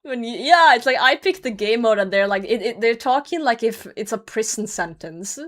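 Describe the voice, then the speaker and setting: A woman streamer chats casually with her viewers while gaming, laughing a lot and swearing lightly. Her fairly high, bright voice is expressive and moves at normal speed.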